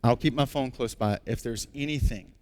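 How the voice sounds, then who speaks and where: A man voicing a calm male translator who reassures a frightened friend in a soft, steady voice. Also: mid-range voice, moderate pace, a little hiss or hum, natural voice. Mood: soothing.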